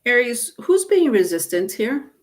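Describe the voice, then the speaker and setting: A woman's voice: fairly high pitch, big pitch swings, measured pace. A woman giving a live-stream tarot reading, chatting with viewers and calling them by name. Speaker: tarot reader.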